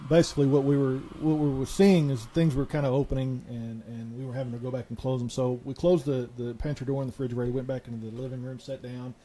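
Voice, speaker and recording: Halting man telling a ghost story. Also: medium pitch, flat delivery, dark tone, a little hiss or hum, low-quality recording. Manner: halting, full of restarts and fillers. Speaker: guest.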